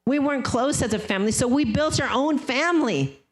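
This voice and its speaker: A woman's voice: sits high, animated, a little fast. A woman speaking at a sales leadership seminar, emphatic and casual, often repeating phrases for effect. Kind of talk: motivational seminar talk.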